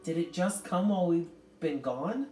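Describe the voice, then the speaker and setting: A woman's voice: lowish voice, lively intonation, normal speed, a little mellow, faint music behind, pitched above the performer's own voice, natural voice. A woman voicing an anxious, impatient teenage girl who pleads fearfully. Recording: roomy, distant mic.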